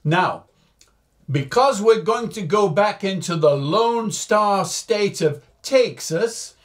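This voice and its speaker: An older man chats casually to his viewers about a flight he is about to fly. He speaks slowly and in a relaxed way. His voice sits a little high, and he keeps things cheerful and jokey. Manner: cheerful, chatty, slow and jokey. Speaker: flight sim video host. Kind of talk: casual chat to camera.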